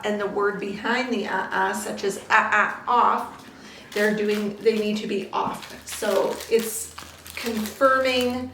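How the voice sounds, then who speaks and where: A woman breeder explaining puppy training calmly, switching to high sing-song praise for the puppies. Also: distant mic, a little hiss or hum. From Canada. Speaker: dog breeder. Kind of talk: casual training demonstration. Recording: echoey room, voice off-mic.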